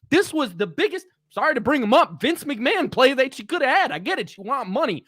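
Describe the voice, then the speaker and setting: A man rants hotly on his own livestream, swearing freely as he vents. His pitch swings widely from low grumbles to sharp highs. The sound is close and dry, with no room in it. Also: big pitch swings, a little fast, few pauses, dry recording. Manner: heated, profane ranting. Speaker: channel host. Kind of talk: livestream wrestling talk.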